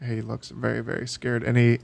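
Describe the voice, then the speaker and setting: A man serves as game master in a casual tabletop session. His voice has a gravelly edge and sits in a middle register. He speaks in a relaxed, halting way and laughs easily. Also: mid-range voice.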